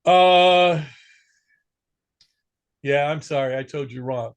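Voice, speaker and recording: A man's voice: fairly high pitch, takes it slowly, clean tone. A man teaching an amateur radio class in a casual, joking way, stopping to correct himself now and then. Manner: chatty, joking, self-correcting. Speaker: instructor.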